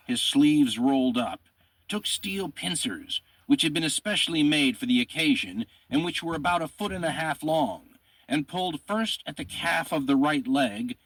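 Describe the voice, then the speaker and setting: A man's voice: a little high, fairly bright tone, no room sound. A man narrating history, reading primary sources aloud with commentary and quoting in a dramatic, rising voice.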